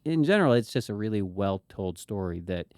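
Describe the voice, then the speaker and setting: A man's voice: fairly low pitch, very animated, fairly quick, darkish tone, clear, resonant tone, no room sound, studio quality. A man co-hosting a podcast, talking casually and thoughtfully about a Bible story and asking questions about the text. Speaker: podcast co-host.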